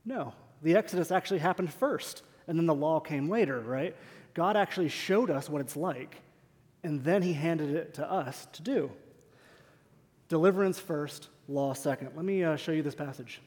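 The preacher's voice is fairly high and darkish, moving at a moderate pace as he earnestly and emphatically questions his congregation rhetorically. Long hall reverb fills the church sanctuary around him.

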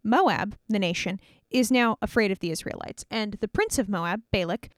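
A woman's voice: medium pitch, normal speed, dry recording, studio quality. A woman retelling Bible stories in a casual, playful way, with wry asides. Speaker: Bible teacher.

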